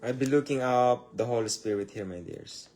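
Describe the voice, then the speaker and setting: A man's voice: medium pitch, moderate pace, noisy background. Filipino guy preaching in english to an online crowd, keeps saying my dears, asks how come over and over. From Philippines. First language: Tagalog. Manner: calls listeners "my dears" over and over, repeats rhetorical questions; loose and conversational, starts phrases over. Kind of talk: live-streamed Bible teaching.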